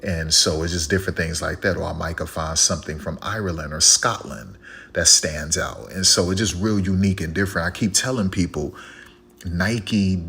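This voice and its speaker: A man's voice: low voice, moderate pace, gravelly, a bit bright. A man talking in a casual, preachy monologue, repeating phrases and firing rhetorical questions. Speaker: online commentator.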